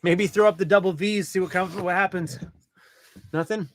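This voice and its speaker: This van-life live streamer, with a dog close at hand in his workshop, keeps things laid-back, laughing and addressing everyone as bro. His voice is high with fairly even intonation at a normal speed, over slight background noise.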